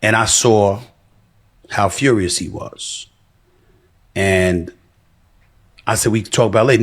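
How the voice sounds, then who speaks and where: Very deep, husky man, forceful. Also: unhurried, pauses often. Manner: forceful, animated when quoting others. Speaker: sports commentator. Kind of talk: recounting an incident on air.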